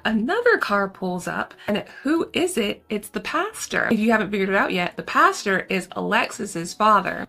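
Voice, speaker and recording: Gravelly chatty woman recapping a movie. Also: mid-range voice, pushed and bright. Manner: chatty and slangy, full of asides. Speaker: movie reviewer. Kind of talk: casual film recap.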